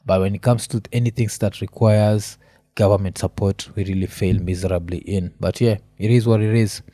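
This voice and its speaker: A Kenyan man rambling through his solo podcast with a low, warm and mellow voice. He talks loosely, with plenty of uhs and ums. The sound is dry and close, with no room around it. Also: normal speed, no echo. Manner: relaxed rambling rant with many fillers. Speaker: podcast host.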